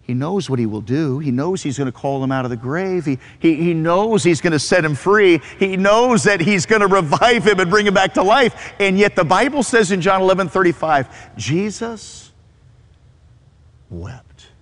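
A man's voice: animated, normal speed. Fervent preaching man in a reverberant hall. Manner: fervent preaching, swings between soft low murmurs and high cries, stammered repeats. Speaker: pastor. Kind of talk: sermon.

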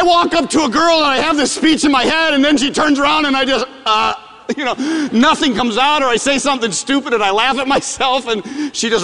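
A middle-aged man preaching a sermon, telling stories with animated delivery and repeating lines for emphasis. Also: extremely high pitch, fairly quick. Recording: long hall reverb.

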